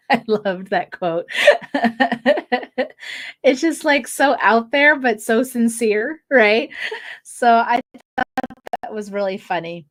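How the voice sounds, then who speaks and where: A woman's voice: a little high, lively intonation. Chatty, giggly woman podcast host. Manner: chatty and giggly, retelling scenes with quick quoted asides. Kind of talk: casual episode review.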